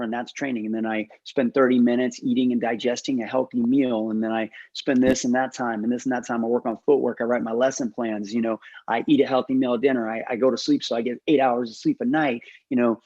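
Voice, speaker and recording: A man's voice: medium pitch, level tone, fast, hardly any pauses, a little mellow, no room sound. A man, a martial arts teacher, reflecting thoughtfully on training in a casual group conversation. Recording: dull, muffled lo-fi mic.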